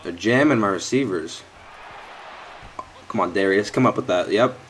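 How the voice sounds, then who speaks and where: A man's voice: lowish voice, normal speed. A young man commentating his own football video game, frustrated and swearing at his players, close to his mic. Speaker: gaming YouTuber. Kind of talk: live gameplay commentary. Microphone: headset or desk mic close to mouth.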